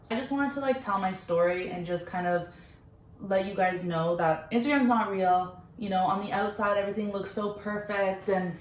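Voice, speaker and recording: A woman's voice: medium pitch, normal speed. A young woman chatting casually and earnestly about her own story, with many fillers. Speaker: vlogger, small business owner. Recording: roomy echo, faint background noise.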